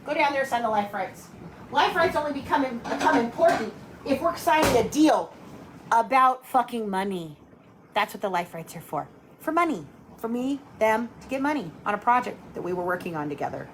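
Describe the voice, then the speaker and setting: A woman hosts a livestream from her home kitchen, ranting with a steady stream of cursing and jumping between topics as she moves around. Her voice sits fairly high, and a faint room hum runs underneath. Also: normal speed. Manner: profane, ranting, scattered, talks to viewers. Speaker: livestream host. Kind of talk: casual livestream rant.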